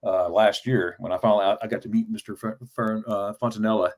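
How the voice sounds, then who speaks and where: This fifties-aged travel vlogger recounts a long personal story as a guest in a relaxed interview, speaking fast in a fairly low, slightly mellow voice with fairly even intonation. He stammers often, repeats words, and leans heavily on fillers.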